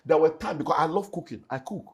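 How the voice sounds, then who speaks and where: A middle-aged man with a Nigerian accent, a pastor talking about his life in an emotional way that rises into loud, emphatic bursts. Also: a little high, fast. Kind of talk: candid personal testimony in conversation.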